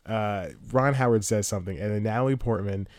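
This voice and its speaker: A man hosts a solo podcast, rambling loosely with frequent laughs and trailing thoughts. His voice sits a little low, recorded close and dry with no room sound. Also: fairly quick, darkish tone, dry recording. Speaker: podcast host. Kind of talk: casual solo podcast talk.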